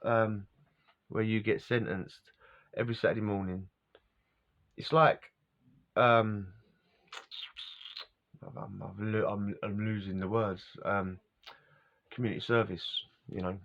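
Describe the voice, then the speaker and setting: Middle-aged man vlogging, lowish voice, wandering casual chat, muffled lo-fi recording. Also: level tone, unhurried, long pauses. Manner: casual and wandering, laughs often, loses his words. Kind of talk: rambling personal storytelling. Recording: dull lo-fi recording.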